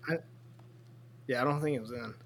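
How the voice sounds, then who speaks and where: A man's voice: medium pitch, fast talker. Laid-back young man co-hosting a podcast. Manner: relaxed, offhand, uses like often. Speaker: podcast co-host. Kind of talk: casual podcast chat.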